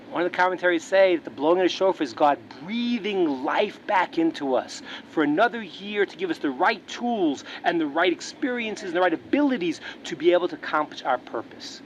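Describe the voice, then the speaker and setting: In a recording with dull audio and slight background noise, a rabbi with a fairly high voice delivers a religious lesson. Animated as he recounts a parable, he repeats words each time he starts over.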